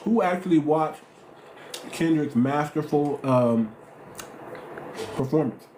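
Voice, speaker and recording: A man's voice: fairly high pitch, takes it slowly, a little mellow. A man from the United States hosting a casual live stream, talking in a slangy, emphatic way and repeating himself for weight. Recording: roomy echo, faint noise.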